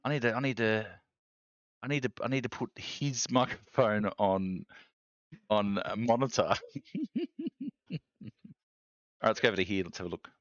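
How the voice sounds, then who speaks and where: A man's voice: fairly low pitch, fairly even intonation, moderate pace, pauses often, no echo. Chatty male streamer, dry lo-fi sound. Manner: thinks aloud while fiddling with gear. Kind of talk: live stream chat.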